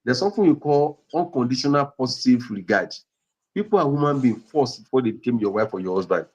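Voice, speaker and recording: A man's voice: medium pitch, expressive, fast talker, a little mellow, muffled recording. A man with a Nigerian accent giving earnest marriage counseling advice, repeating points and acting out example dialogues.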